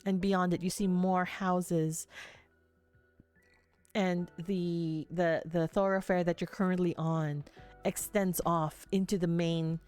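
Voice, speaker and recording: A woman narrating a livestreamed tabletop game as game master, meandering and halting with many fillers. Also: fairly low pitch, little pitch movement, a little mellow, clean tone, faint music behind.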